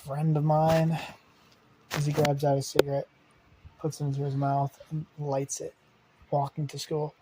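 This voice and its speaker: A young man tells an improvised story in a loose, rambling way, stumbling over restarts and dropping casual curses. His voice is husky and mellow, sitting a little higher than most men's. He sounds off the cuff rather than scripted. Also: completely flat delivery, measured pace, pauses often, rough recording. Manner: rambling, with fillers, restarts and swearing. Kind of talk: improvised fan-fiction storytelling.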